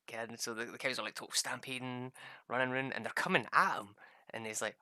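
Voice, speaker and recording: A young man chats loosely over his game, wandering from thought to thought and cursing without a second thought. His voice is bright and pushed forward. The close mic leaves it dry, with no room sound around it. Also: mid-range voice, fairly even intonation, a little fast, clear, resonant tone, dry recording. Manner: rambling, swears freely, laughs at own stories. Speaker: gaming streamer. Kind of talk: casual gameplay chat.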